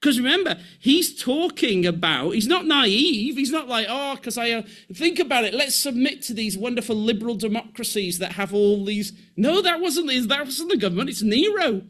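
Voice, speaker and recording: A man preaching a sermon with animated delivery, restarting phrases and acting out quoted voices. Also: very high-pitched, normal speed, hardly any pauses.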